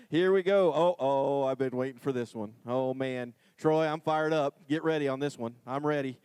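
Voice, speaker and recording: A man announcing lots at an auction, giving enthusiastic, folksy sales pitches between bids. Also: moderate pace, darkish tone, clear, resonant tone, no room sound. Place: livestock auction ring.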